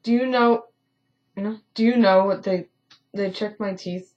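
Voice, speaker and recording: A woman reads as an affronted young passenger in a story game, complaining with indignation. The mid-pitched voice has faint music behind it. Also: fairly even intonation, unhurried, a little mellow, muffled recording, natural voice. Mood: indignant.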